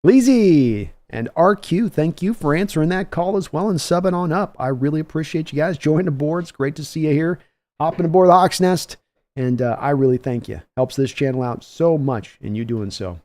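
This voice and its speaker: A man's voice: a little high, lively intonation, moderate pace, a little mellow. A man hosting a live stream, giving casual play-by-play commentary and chatting with viewers between plays. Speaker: livestream host giving play-by-play reaction.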